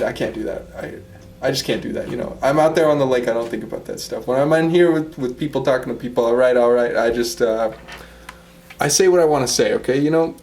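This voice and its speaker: A man's voice: medium pitch, a little mellow, close to an everyday voice. A man playing a defensive, rambling fisherman being interviewed in an improvised comedy sketch, who says "okay" constantly. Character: brash touchy fisherman guest, male, young adult. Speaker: interview guest. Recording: echoey room, mic far off, faint noise.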